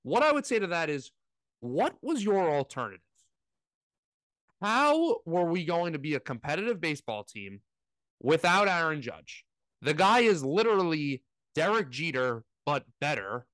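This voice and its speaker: A man rants in casual sports talk, his somewhat high voice swinging widely up and down as he mocks his opponents. The recording is dry and close, with no room sound. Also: normal speed, no room sound. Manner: animated ranting, mocking impressions. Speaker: podcast co-host.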